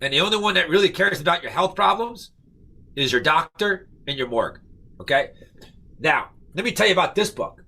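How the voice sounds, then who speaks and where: Fired-up man with a gravelly, husky voice. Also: a little high, lively intonation, a little fast, sharp tone. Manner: repetitive, emphatic, punctuates with "okay?"; fired-up, preachy. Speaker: network marketing motivational speaker. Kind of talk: casual motivational pep talk to camera.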